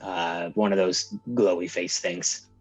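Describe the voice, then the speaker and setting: A man playing a tabletop game, joking in a dry, deadpan way. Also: low-pitched, takes it slowly, no room sound, faint music behind, poor audio. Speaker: player. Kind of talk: casual tabletop role-play.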